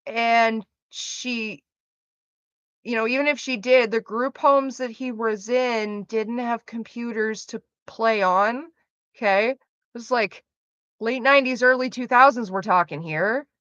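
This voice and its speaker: A woman with a bright, sharp, fairly high voice chats as a streamer, swearing freely and venting sarcastically. The sound is dry and a little muffled, close to a desk mic. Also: measured pace, no room sound. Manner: profane, ranting, sarcastic. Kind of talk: casual chat.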